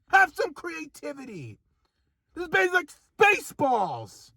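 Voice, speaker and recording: A young man co-hosting a casual movie review chat, excitable and profane, ranting with lots of swearing. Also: very high-pitched, unhurried, no room sound. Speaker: co-host.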